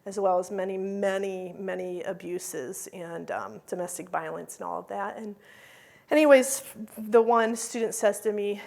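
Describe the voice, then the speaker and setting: Speaking in a medium-pitched, darkish voice with vocal fry at a moderate pace, a woman presents at a conference about the school she founded. Her talk is chatty, full of fillers and laughter, heartfelt and at times emotional.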